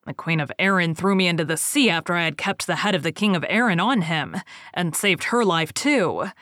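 A woman's voice: on the low side, expressive, fairly quick, fairly bright tone, dry recording, studio quality. A woman voicing a brave young prince in a fairy tale read aloud, plain and resolute. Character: weary wandering young prince, a brave champion.

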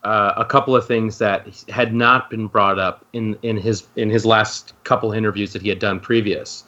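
A man with a fairly low voice chats as a podcast guest. He rambles, stacks fillers and restarts his sentences. The audio is dull and lo-fi. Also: fairly even intonation, moderate pace, pushed and bright. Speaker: guest, docuseries co-creator. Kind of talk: casual podcast conversation.

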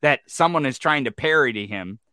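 A man's voice: mid-range voice, expressive, brisk, sharp tone, dry recording, clean studio sound. A man hosting a podcast, laid-back and jokey in casual political chat. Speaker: podcast host.

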